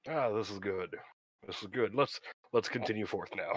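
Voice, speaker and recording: A man's voice: lowish voice, normal speed, dry recording. A man speaking as a player in a tabletop game, blunt and matter-of-fact. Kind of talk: casual tabletop game chat.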